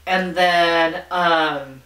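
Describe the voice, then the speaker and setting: A young woman with a lowish, steady, fairly bright voice hosts a casual mukbang chat, speaking very slowly as she eats and tells travel stories packed with fillers. The room is echoey and the mic sits at a distance.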